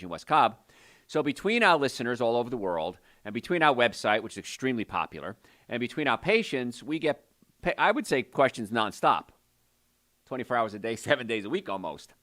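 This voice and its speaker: A man hosting a call-in health show as a doctor, talking in an energetic, folksy, salesy way. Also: mid-range voice. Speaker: radio show host and doctor. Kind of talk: call-in health radio talk.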